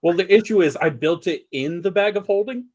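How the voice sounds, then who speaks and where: A man's voice: high-pitched, fairly quick, darkish tone, slight background noise. A man playing a tabletop game, describing his character's actions in a matter-of-fact way. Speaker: player. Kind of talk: casual tabletop game chat.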